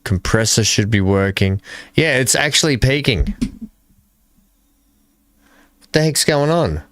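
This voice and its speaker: A man hosting a live stream, talking casually and haltingly into his desk microphone while he fixes his audio. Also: mid-range voice, expressive, a bit bright, dry recording. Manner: halting, mumbling, fixing his mic. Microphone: desk microphone with filters.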